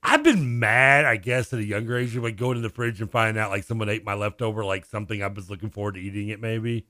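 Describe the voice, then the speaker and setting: A man's voice: on the low side, steady tone, bright, forceful tone, dry recording, clean studio sound. A man co-hosting a sports radio show, firing off incredulous questions in casual chat. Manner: incredulous, rapid questions, frequent laughs and "I mean". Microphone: studio microphone.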